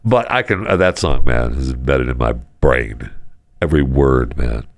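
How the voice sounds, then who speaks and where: A man's voice: rumbling low, animated, normal speed, creaky, no echo. A man hosting a radio show, chatting casually in a rambling, jokey, self-deprecating way. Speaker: radio host. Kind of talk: casual on-air chat.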